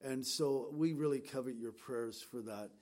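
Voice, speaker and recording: A man's voice: medium pitch, moderate pace, a little mellow. A middle-aged man pastor speaking to his congregation in a conversational, storytelling way, with fillers and restarts. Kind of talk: sermon.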